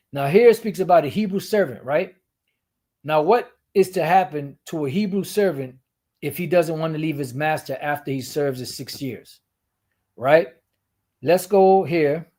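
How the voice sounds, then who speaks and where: Higher-voiced man teaching scripture. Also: unhurried, long pauses, warm tone. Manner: explanatory, repeats and restarts phrases. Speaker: Bible teacher. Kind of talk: screen-share teaching.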